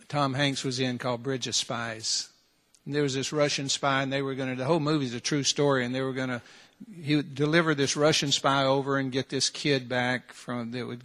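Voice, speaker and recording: A man's voice: medium pitch, flat delivery, moderate pace, fairly bright tone. A man preaching a sermon in an earnest, direct manner, pressing his listeners with repeated challenges and rhetorical questions. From United States. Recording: long hall reverb.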